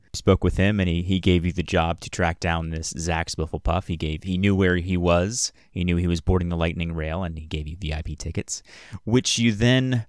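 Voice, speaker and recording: A man's voice: deep voice, steady tone, normal speed, clear, resonant tone, no echo, studio quality. A man who narrates a tabletop game as game master in a hesitant way, with many fillers.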